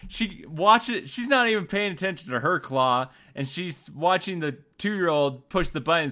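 A man co-hosting a casual chat, chatty and quick to chime in with a laugh. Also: a little high, bright, forceful tone.

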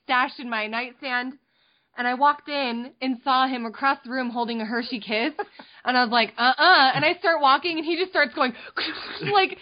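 A young woman co-hosting a podcast, telling family stories in an animated, giggly way and acting out the voices. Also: high-pitched, moderate pace. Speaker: podcast co-host. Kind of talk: casual storytelling chat. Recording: dull lo-fi podcast audio.

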